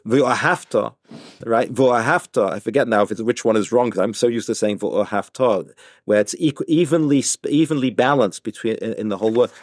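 A man teaching an informal Torah class, explaining slowly with frequent restarts and repeated words. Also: medium pitch, darkish tone, no room sound, studio quality. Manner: hesitant, many restarts, explanatory.

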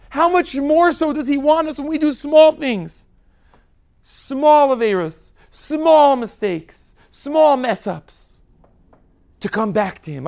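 High-pitched gravelly man preaching. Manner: impassioned preaching, shifting between soft and forceful. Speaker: rabbi. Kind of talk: sermon.

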